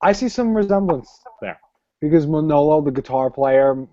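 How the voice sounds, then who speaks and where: A man in a casual movie debate, lively and self-mocking. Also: fairly high pitch, normal speed, dry recording, highs cut off.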